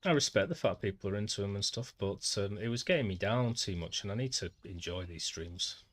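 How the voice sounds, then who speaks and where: With a fairly low pitch and a slightly fast pace, a Mancunian man keeps up casual chatter with viewers during a gameplay stream. He's talkative and leans on "mate" a lot.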